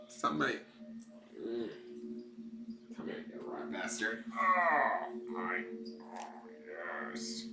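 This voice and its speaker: A man's voice: mid-range voice, wildly swooping pitch, very slow, long pauses. A man who reads tarot, chatting casually and rambling to his livestream viewers from a desk at home, swearing freely. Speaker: tarot reader hosting live readings. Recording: echoey room with clear background noise.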